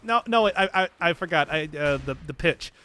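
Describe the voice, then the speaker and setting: At a normal speed, a man with a voice on the high side gives animated, pushed, bright gameplay commentary while streaming, with slight background noise. His casual talk rambles, pokes fun at himself, and he laughs at his own jokes.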